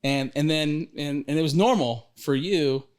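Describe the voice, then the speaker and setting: A middle-aged man with a slightly high voice tells a story in a loose, rambling podcast chat. He jumps back to restart his sentences often and keeps the energy lively and conversational. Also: measured pace, smooth. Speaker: podcast host, financial advisor.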